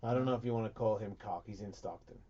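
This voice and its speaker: A man's voice: lowish voice, fast talker, dull audio. A man hosting a radio talk show, rambling and swearing through crude banter. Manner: profane, rambling, loud bursts of laughter.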